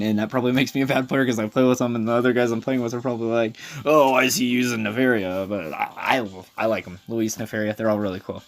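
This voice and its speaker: A man giving casual, excitable gameplay commentary, chatty and loose. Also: mid-range voice. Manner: chatty, excitable, lots of "dude" and "like". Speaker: gaming video host. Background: game music.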